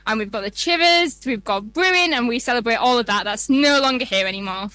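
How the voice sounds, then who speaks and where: A woman's voice: fairly high pitch, lively intonation, fairly quick, bright, forceful tone, dry recording. A woman with a Yorkshire accent, a museum guest explaining things in a chatty live radio interview outdoors. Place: outdoor event.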